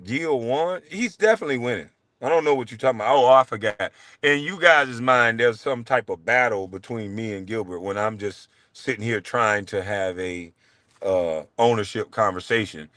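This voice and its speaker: A man hosting his own show, delivering a heated, profane solo rant, taunting and swinging between loud jabs and low mutters. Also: moderate pace, dry recording. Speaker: show host.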